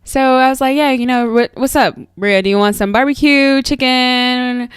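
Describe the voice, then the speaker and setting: A woman co-hosting a podcast, telling a story in casual chat with animated delivery and frequent laughter. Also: sits high, normal speed, smooth, no echo, studio quality. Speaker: podcast co-host.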